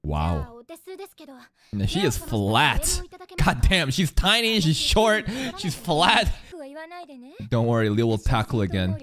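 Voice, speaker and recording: A man reacting live to an anime episode in casual commentary, excitable and foul-mouthed, laughing often and talking back at the screen. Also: mid-range voice, slow, long pauses.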